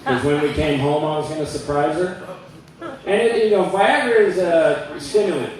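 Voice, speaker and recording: This is a stand-up comic working a club stage, loose and conversational, tossing in quick voiced asides between jokes. His pitch is fairly high. The recording has an echoey room sound with a distant mic.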